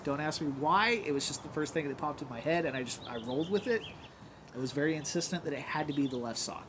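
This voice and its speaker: A man tells a game story in a relaxed chat, his pitch leaping up and down with lively energy. He keeps slipping into voices as he retells it. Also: fast talker, noisy background. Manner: animated, jumps into voices while retelling. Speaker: larp player recounting a game.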